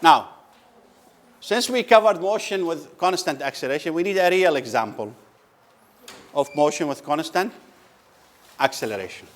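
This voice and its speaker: Man lecturing, slow questioning delivery. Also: on the high side, expressive. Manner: asks the class questions and answers them, repeats key words slowly. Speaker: physics lecturer. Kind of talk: classroom lecture. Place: lecture room.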